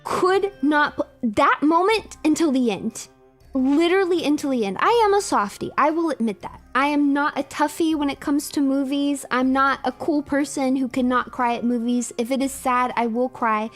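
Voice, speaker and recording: A young adult woman streamer chatting casually with her viewers, telling a story in an animated, emphatic way with lots of repetition. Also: sits high, moderate pace, soft background music.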